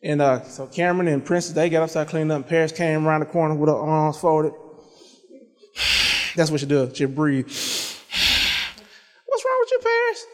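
A man's voice: a little high, steady tone, fairly quick, in a large hall. A man preaching in a church, telling a personal testimony with many amens and half-sung repeated phrases. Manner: conversational storytelling with frequent amens. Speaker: pastor. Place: church sanctuary.

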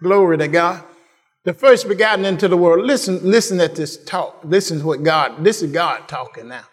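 A man preaching a sermon, repeating phrases and building to shouted praise. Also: on the high side, moderate pace, husky.

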